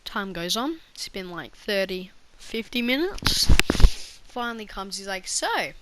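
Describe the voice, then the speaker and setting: A woman's voice: medium pitch, lively intonation, unhurried, heavy background noise. A woman vlogger telling a personal story in a casual, rambling way, full of restarts and fillers.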